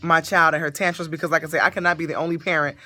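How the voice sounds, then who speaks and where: A woman hosting a casual podcast, telling a story in an animated way and laughing often. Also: low-pitched, rapid-fire. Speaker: podcast host.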